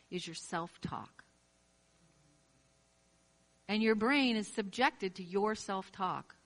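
A woman preaching a sermon, talking straight to her listeners with strong emphasis and acting out quoted inner voices. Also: on the low side. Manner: emphatic, direct address to listener.

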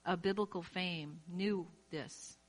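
A woman preaches a sermon, speaking straight to her listeners with strong emphasis and acting out quoted inner voices. Her voice is lowish and steady, and she takes it slowly.

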